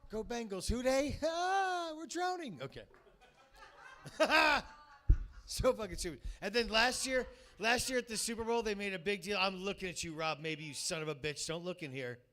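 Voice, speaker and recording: A man working a comedy club crowd, his voice high and bright. He rambles, swears freely and pads his bits with fillers as he talks into a handheld mic. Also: fast talker, few pauses, slight background noise. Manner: rambling, crude, crowd-baiting, full of fillers. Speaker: stand-up comedian. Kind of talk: stand-up comedy set.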